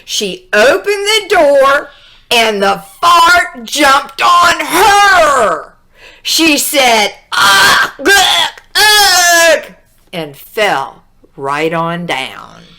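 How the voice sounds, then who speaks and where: Her pitch sitting high, a woman performs a kids' storybook out loud, drawing out the lines with lots of expression and pausing for little comments to the listener.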